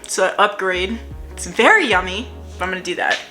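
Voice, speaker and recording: A woman's voice: medium pitch, expressive, brisk, bright, forceful tone. A young woman chatting in a playful, hyper way while cooking in her home kitchen for her vlog. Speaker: vlogger. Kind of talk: casual cook-with-me vlog. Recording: music playing underneath.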